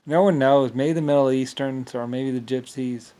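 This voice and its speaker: A man rants on camera in a long, rambling monologue. His delivery is agitated and profane, and he keeps tripping over repeated restarts. His voice sits at an ordinary middle pitch for a man. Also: steady tone, moderate pace, dark tone.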